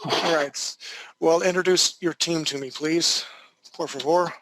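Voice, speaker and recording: A man voicing a pompous French-Canadian executive, with a deliberately bad put-on French accent, in an online role-play meeting. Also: fairly high pitch, steady tone, a bit bright, a little hiss or hum, poor audio.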